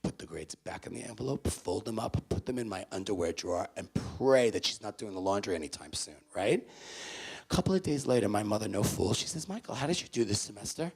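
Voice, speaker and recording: A man giving an animated storytelling talk to parents at a university event, swinging between loud bursts and hushed moments. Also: fairly low pitch, brisk, gravelly, breathy edge. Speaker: speaker addressing parents. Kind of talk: storytelling motivational speech.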